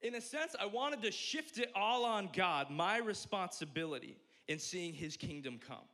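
A young man preaching a sermon as pastor, joking and animated, swinging from loud exclamations to quiet asides. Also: high-pitched, moderate pace.

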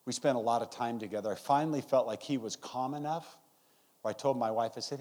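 A man's voice: mid-range voice, quick pace. A man and guest pastor preaching a sermon in a church service, acting out his stories. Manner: animated storytelling, acting out scenes.

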